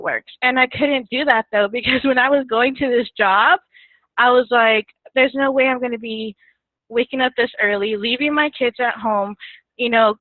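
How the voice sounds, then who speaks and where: A woman guest distributor shares her story in a casual interview, chatty, laughing often and growing emotional. Her pitch is fairly high, and the dry recording sounds like a tinny phone line.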